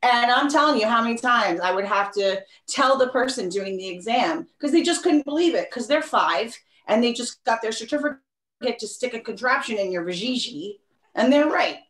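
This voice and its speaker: A woman's voice: on the high side, expressive, normal speed, a bit bright. A woman on a panel, telling a story casually with a wry, joking manner. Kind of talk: casual chat. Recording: roomy echo.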